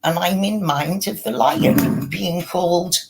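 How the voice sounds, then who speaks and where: A man's voice: high-pitched, slow pace, creaky. A man with a British accent giving rambling, profane commentary as a streamer reacting to clips, drifting into a fable. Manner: meandering, swears constantly, tells a fable.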